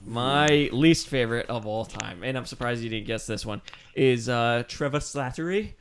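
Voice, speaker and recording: A man's voice: medium pitch, normal speed, crowd noise. A man chatting casually as a podcast co-host, opinionated and emphatic, swearing now and then. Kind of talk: casual chat.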